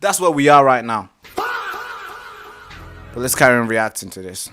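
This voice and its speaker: A man hosting a live reaction stream, talking casually, animated and exasperated, swearing freely. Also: fairly high pitch, slow pace, soft background music.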